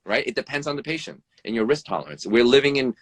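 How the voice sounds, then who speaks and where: A man who works as an emergency room doctor, talking bluntly over a live video stream, swearing freely, his pitch jumping up and down, and tagging "right?" onto his points. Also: quick pace. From United States. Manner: animated, pitch jumps up and down. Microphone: phone or video call mic.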